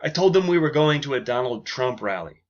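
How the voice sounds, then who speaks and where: A man's voice: mid-range voice, lively intonation, brisk, close to an everyday voice. A man voicing a reckless, thrill-hungry young woman with a flippant manner, on a dull lo-fi recording.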